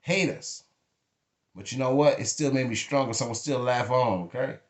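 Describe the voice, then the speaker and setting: A man's voice: medium pitch, moderate pace. Blunt, cursing man venting. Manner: blunt, emphatic, cursing freely. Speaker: vlogger. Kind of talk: emotional venting monologue. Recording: echoey room.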